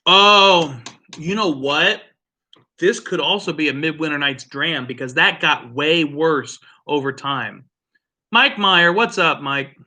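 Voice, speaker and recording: A man's voice: fairly high pitch, slow pace, pushed and bright. A man hosting a casual drinks livestream, rambling and joking with profane asides. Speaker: livestream host.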